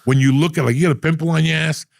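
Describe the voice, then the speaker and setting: A man's voice: fairly high pitch, steady tone, racing, gravelly, dry recording, clean studio sound. A middle-aged man hosting a casual talk show, telling rambling, profane stories. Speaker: podcast host. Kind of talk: casual storytelling chat.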